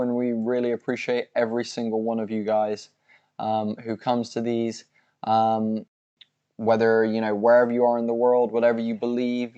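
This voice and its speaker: A man's voice: mid-range voice, dark tone, clean tone, muffled recording. A man co-hosting a fight watch-along stream, signing off with rambling, effusive thanks and plenty of fillers. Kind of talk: casual livestream sign-off chat.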